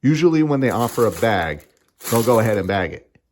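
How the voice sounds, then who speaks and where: A man's voice: on the low side, lively intonation, a little fast, a little mellow, slight background noise. A man in his thirties giving a casual, sarcastic and profane food review, laughing often as he rants. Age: 30s.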